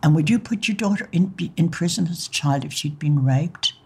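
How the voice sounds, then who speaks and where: An older Irish woman recalling her life, telling stories in a lively way and acting out the voices of people in them. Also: deep voice, moderate pace, breathy edge. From Ireland. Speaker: interviewee. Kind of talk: personal storytelling.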